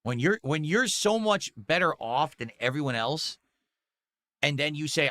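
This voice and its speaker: Brief: male streamer musing aloud, bright tone, dry close sound. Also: fairly high pitch, expressive, unhurried, no echo. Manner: rambling, self-justifying, fillers. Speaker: streamer in played clip. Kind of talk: casual monologue to audience.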